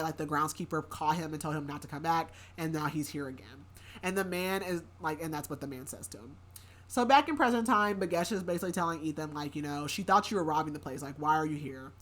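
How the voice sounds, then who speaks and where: A woman's voice: sits low, a bit bright. A woman hosting a book podcast, casually recapping a story in a rambling way with many filler words.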